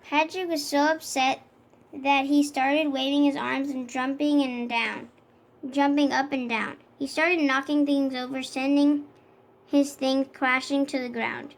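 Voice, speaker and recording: High-voiced woman reading a children's book. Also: a little slow. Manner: steady reading with small slips and self-corrections. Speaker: storybook reader. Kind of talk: children's read-aloud.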